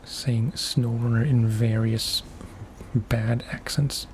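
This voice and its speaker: A man streaming a game for relaxation, talking softly in unhurried, musing asides. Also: mid-range voice, flat delivery, a little hiss or hum. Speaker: gaming ASMR streamer. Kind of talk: soft-spoken gameplay commentary.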